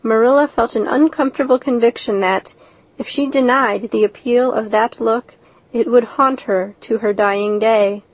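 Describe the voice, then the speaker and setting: A woman reading a story aloud as narrator, in a steady, even storytelling manner. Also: a little high, moderate pace, no room sound. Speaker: audiobook narrator. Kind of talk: scripted narration. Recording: dull lo-fi recording.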